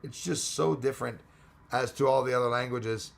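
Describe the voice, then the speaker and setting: A man hosting a casual live-stream chat, rambling and excitable, thinking aloud as he reads from the screen. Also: medium pitch, moderate pace, vocal fry.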